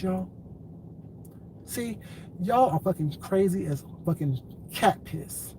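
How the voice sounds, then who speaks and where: A high-voiced man rants straight to his viewers, swearing freely and hammering the same point over and over. A faint hiss of background noise sits under the voice. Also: lively intonation, takes it slowly, pauses often, mellow, low-quality recording. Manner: profane, repetitive, confrontational. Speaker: commentary vlogger. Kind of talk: ranting commentary vlog.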